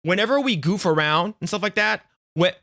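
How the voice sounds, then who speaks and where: Excitable, profane male streamer ranting. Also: sits high, fairly quick. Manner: excitable, profane, stammers and restarts. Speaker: streamer reacting to clips. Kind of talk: casual reaction rant.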